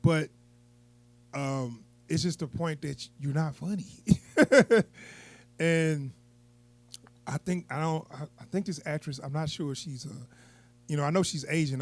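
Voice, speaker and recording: A man's voice: fairly high pitch, darkish tone. A man giving a casual, unscripted movie review, rambling and chuckling as he goes.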